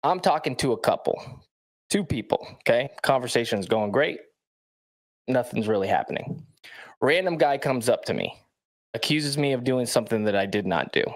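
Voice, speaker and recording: This man is a professional athlete telling a story in a played clip. His mid-range voice has lively intonation and moves at a moderate pace, broken by long pauses. He speaks bluntly in short, emphatic sentences and often checks in with the listener.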